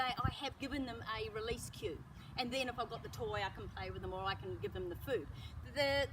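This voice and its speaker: A woman dog trainer explaining calmly, with bursts of high praise for the dog. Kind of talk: outdoor training demonstration. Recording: distant mic with loud outdoor noise.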